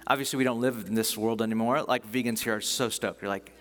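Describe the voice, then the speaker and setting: A male pastor preaching a sermon in a conversational way, joking with the congregation and slowing down to read scripture. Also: medium pitch, fairly even intonation, background noise. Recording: long reverb of a large hall.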